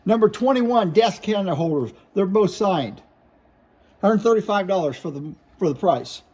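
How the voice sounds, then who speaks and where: A man's voice: high voice, expressive, normal speed, a little mellow, a little hiss or hum. A man showing glass pieces for sale, listing names, flaws and prices in a plain, matter-of-fact way. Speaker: glass seller. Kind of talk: product showcase sales talk.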